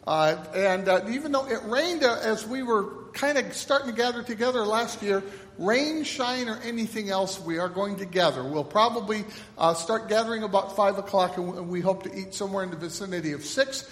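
A man serving as pastor, making announcements and then leading the liturgy in a solemn, measured cadence. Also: sits high, a bit bright. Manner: solemn liturgical cadence with call and response prompts. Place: church sanctuary. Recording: echoey church hall, mic at a distance.

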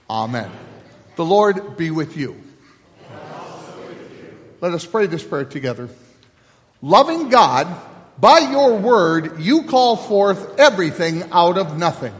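A man leading a church service as pastor, moving from halting announcements to measured liturgical recitation. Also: sits high. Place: church sanctuary. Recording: long church hall reverb.

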